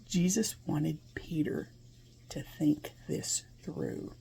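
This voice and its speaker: A woman's voice: low voice, wildly swooping pitch, takes it slowly, vocal fry, mellow, husky. A woman giving an earnest, conversational Bible lesson, asking her listeners questions and laughing between points. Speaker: Bible teacher.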